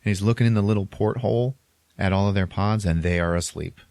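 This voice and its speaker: A man co-hosting a podcast, casually retelling a movie plot with animated acted-out quotes and laughter. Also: lowish voice, fast, no room sound. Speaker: podcast co-host. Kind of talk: casual movie recap chat.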